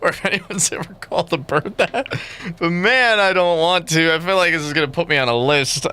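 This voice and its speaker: A young man streams a game and chats casually with viewers, rambling and swearing and repeatedly breaking into laughter. His voice runs high, brisk, pushed and bright, yet smooth.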